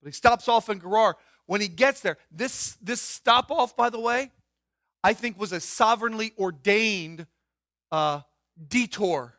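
A man's voice: sits high, unhurried, sharp tone, no echo. Male pastor preaching, emphatic, dry close sound. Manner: emphatic, rhetorical questions, drops voice for stress. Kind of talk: sermon.

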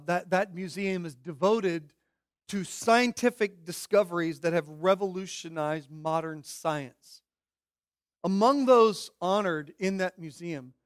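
A man preaching a sermon has a high voice with a bright placement. He sinks into quiet, earnest pleading, then rises to loud, emphatic declarations. The recording is close and dry, with no room echo.

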